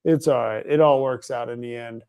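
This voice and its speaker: A man hosting a live talk stream, reading viewer comments aloud in a relaxed, musing way. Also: mid-range voice, moderate pace, vocal fry, clean tone, muffled recording. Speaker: host. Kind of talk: casual talk show chat.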